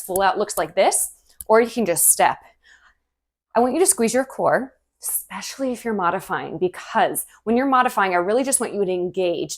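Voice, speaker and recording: A woman fitness instructor leading a cardio workout in her kitchen, talking while she exercises and cheering on her viewers, slightly out of breath. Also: medium pitch. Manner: upbeat, encouraging, talks while exercising. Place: home kitchen.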